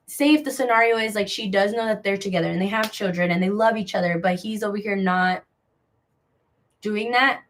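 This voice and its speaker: A young woman hosting a crochet live sale, chatting casually in a rambling, gossipy way full of filler words. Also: mid-range voice. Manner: rambling, filler-heavy, with many likes; gossipy and frank. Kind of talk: casual live-stream chat.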